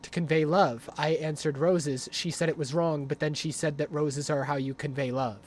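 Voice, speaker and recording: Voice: medium pitch, steady tone, normal speed. A livestreamer commenting on a game while playing, ranting in exasperated, swearing outbursts and repeating phrases over and over. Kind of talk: live gaming commentary.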